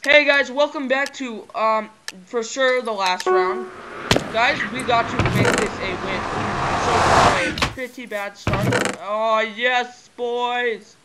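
A male host giving casual game commentary with friends, excitable and yelling when surprised. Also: extremely high pitch, slow. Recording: noisy home mic with clicks.

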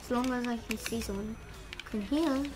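A woman giving casual gameplay commentary, excitable and trash-talking, with lots of "literally" and "like". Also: fairly high pitch, normal speed, background noise. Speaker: gamer. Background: game music.

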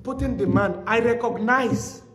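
Pastor, male, high-pitched storytelling sermon, echoey hall sound. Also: measured pace, fairly bright tone. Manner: storytelling preacher, repeats phrases for emphasis.

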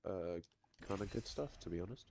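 A man with a very low voice chats while gaming with a friend. His humour is dry and teasing. He keeps things casual and easygoing. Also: lively intonation, brisk, gravelly, darkish tone, slight background noise. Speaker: streamer's friend and co-player.

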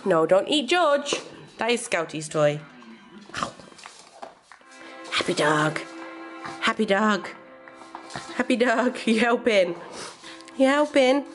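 In her living room, a young adult mother and vlogger from Cheshire, England, talks to the camera and cheers on her baby in a sing-song baby voice for a casual home vlog. Her voice sits a little high and is expressive, slow, and full of frequent pauses, with soft music playing behind her.

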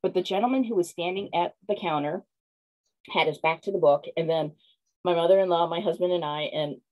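A woman picture book author, a guest on an interview, telling stories in an excited, animated way with lots of fillers. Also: on the low side, fairly quick, low-quality recording. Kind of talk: casual video-call interview.

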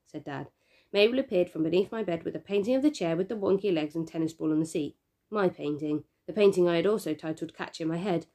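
A woman teacher reading a children's novel aloud with steady, expressive storytelling. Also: on the low side, quick pace.

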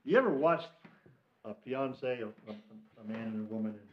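An older man with an American Midwestern accent, preaching a fervent sermon as pastor, swinging from loud exhortation to hushed asides. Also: medium pitch, a little fast, dull audio, a little hiss or hum. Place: church sanctuary.

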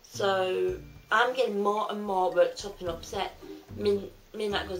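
A woman's voice: medium pitch, fairly even intonation, measured pace, faint music behind, rough recording. A woman vlogger telling a story casually, rambling and restarting with plenty of fillers.

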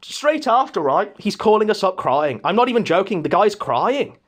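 A man's voice: high-pitched, big pitch swings, moderate pace, a bit bright. A man hosting a podcast, ranting in a mocking, scornful way. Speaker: podcast host. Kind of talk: casual ranting commentary.

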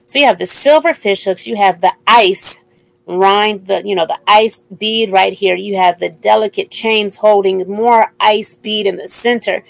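Chatty woman with vocal fry, selling jewelry. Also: medium pitch, a little slow, rough recording. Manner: chatty, repeats item numbers, upbeat selling patter. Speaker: live-stream jewelry seller. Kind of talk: casual live sales chat.

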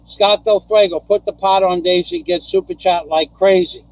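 A man's voice: sits high, steady tone, normal speed, no room sound, rough recording. A man hosting a casual live stream, chatting with viewers, laughing often and ranting with profanity. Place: home in the Philippines.

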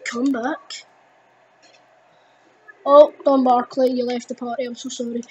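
A teenage girl, commenting on her gameplay in an excitable, rambling way with lots of fillers. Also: a little high, unhurried, lo-fi sound, slight background noise. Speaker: gaming video host.

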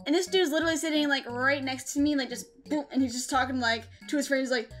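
A young woman giving excited, upbeat gameplay commentary for her channel, recorded on a desk mic with the levels set too high. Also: fast, faint music behind. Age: young adult. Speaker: gaming YouTuber.

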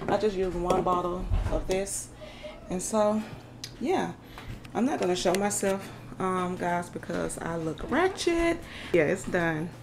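A woman's voice: lowish voice, animated, measured pace, creaky. A woman hosting a casual family vlog at home, a mother who teases and laughs often. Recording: noisy home recording.

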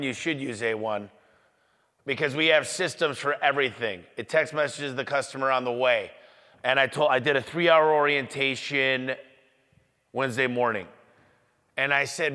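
A man giving an energetic motivational business talk to an audience, acting out sales conversations as he goes. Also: medium pitch, normal speed. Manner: energetic, acts out customer dialogue. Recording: echoey hall.

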